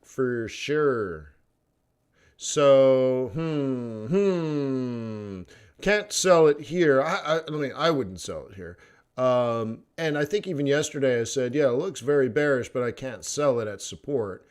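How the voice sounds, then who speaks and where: A man's voice: mid-range voice, lively intonation, a little slow, clear, resonant tone. A man hosting a trading livestream in casual chat, rambling between topics, laughing often and acting out quoted voices. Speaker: forex trading livestream host.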